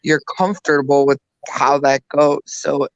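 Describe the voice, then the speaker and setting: A woman's voice: deep voice, fairly even intonation, unhurried, no echo, lo-fi sound. A woman in her thirties co-hosting a casual podcast chat, rambling with restarts and fillers. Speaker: podcast co-host.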